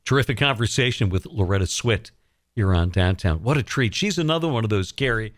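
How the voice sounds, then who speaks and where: A man's voice: lowish voice, animated, fairly quick, dry recording, studio quality. Upbeat male radio host. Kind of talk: radio interview and chat.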